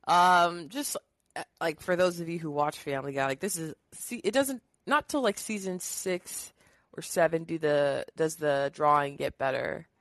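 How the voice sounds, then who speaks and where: A woman's voice: low-pitched, expressive, moderate pace, a bit bright, no echo. A woman co-hosting a podcast, chatting casually in slangy speech with lots of "like" and casual swearing. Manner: slangy, filler-heavy, swears freely. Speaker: podcast co-host. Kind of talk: casual chat.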